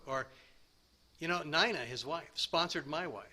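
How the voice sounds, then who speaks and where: Man, sixties, recovery share, rambling, self-deprecating, bright sharp tone. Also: fairly high pitch, measured pace. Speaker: speaker at a recovery meeting.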